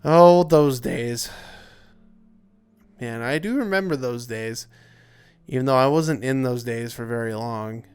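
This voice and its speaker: A tired young let's play commentator yawns his way through rambling, casual remarks on the game, heavy on filler words. His mid-range voice is darkish and clean in tone, a little slow, with long pauses.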